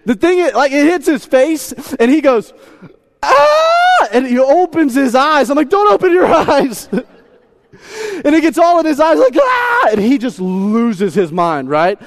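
A man in his thirties preaching a sermon, telling a story in an animated, self-deprecating way and often repeating his words. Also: very high-pitched, moderate pace, hardly any pauses. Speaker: pastor.

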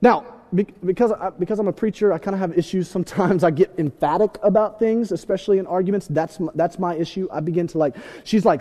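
A young man preaching a sermon, telling stories with animated shouts and asides. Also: high-pitched, a little fast. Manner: animated storytelling, acts out scenes with shouts. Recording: long hall reverb.

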